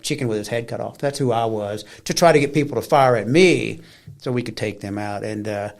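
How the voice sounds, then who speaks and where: A man's voice: mid-range voice, brisk, gravelly. A middle-aged man telling stories as an interview guest, often acting out the voices of people he quotes. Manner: animated storyteller who acts out quoted voices. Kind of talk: conversational interview storytelling.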